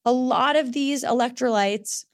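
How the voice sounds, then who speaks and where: A woman's voice: sits high, measured pace, no room sound, studio quality. A woman podcast co-host doing an earnest, chatty host-read ad.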